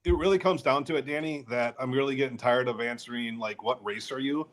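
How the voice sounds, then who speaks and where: A man's voice: medium pitch, a little fast. A man co-hosting a podcast, talking in a plainspoken, earnest way while interviewing a guest. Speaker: podcast co-host.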